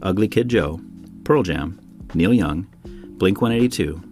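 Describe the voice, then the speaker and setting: A man's voice: low voice, animated, a little slow, darkish tone, faint music behind. A man hosting a podcast from home, delivering a wry, opinionated monologue full of rhetorical questions. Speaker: podcast host. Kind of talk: scripted monologue then casual chat.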